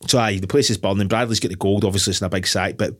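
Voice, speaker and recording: A man's voice: low voice, steady tone, racing. A Scottish man co-hosting a film podcast, talking casually, rambling and swearing freely as he retells scenes. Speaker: podcast co-host.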